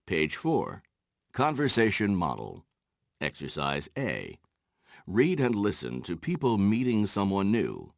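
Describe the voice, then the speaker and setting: A man narrating textbook exercises in a slow, instructional way, with a gravelly voice. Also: deep voice, huge pitch swings, no echo, clean studio sound. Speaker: course narrator.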